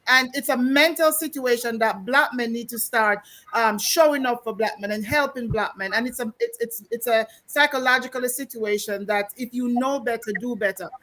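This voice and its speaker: A woman from the United States talks on a panel over a video call, earnest and emphatic. Her voice sits slightly high and sounds bright, and she repeats her points to drive them home. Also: moderate pace. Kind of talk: panel discussion.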